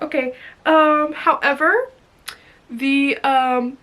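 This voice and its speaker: Young woman, high voice, rambling vlog chat, giggly, lots of fillers. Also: unhurried, sharp tone. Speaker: vlogger.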